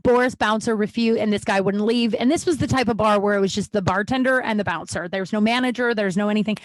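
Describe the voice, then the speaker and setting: A woman in her thirties talks candidly on her own podcast, blunt and frank, swearing without hesitation and restarting her sentences often. Her voice sits at a middle pitch. The sound is dry and close, from a small room at home. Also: fast talker, no echo. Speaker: podcast host. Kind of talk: candid personal storytelling.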